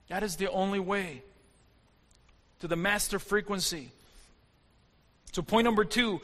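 A man's voice: high voice, slow, long pauses, sharp tone. A man preaching a fervent sermon, his intensity rising and falling as he speaks. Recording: long hall reverb.

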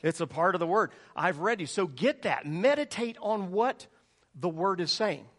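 A middle-aged man preaching a sermon, telling a story with lively, animated delivery and jumping up high when he acts out voices. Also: moderate pace. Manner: animated storytelling, acting out voices in a much higher pitch.

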